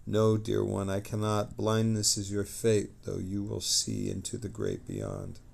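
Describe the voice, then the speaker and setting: A man voicing a calm, ancient female spirit who speaks in a serene, solemn, measured way. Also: fairly low pitch, gravelly, exaggerated voice.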